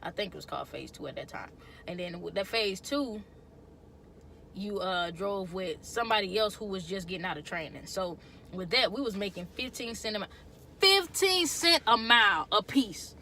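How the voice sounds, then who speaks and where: A woman's voice: mid-range voice, animated, normal speed, sharp tone, a little hiss or hum. A young woman truck driver chatting casually to her viewers in a loose, slangy way. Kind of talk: casual chat to camera.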